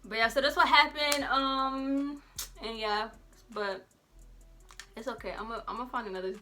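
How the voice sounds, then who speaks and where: Bright-voiced teen girl telling a story. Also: on the high side, normal speed, faint music behind. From Georgia, US. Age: teenager. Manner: animated, conversational, Southern slang. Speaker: vlogger. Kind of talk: casual storytime.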